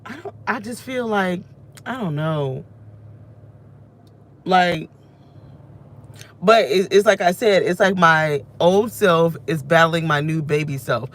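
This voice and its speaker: A woman's voice: on the low side, slow pace, long pauses. A woman in her thirties venting and reflecting aloud while sitting in a car, in a rambling, self-reflective way. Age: 30s. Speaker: vlogger. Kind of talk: emotional personal rant to camera.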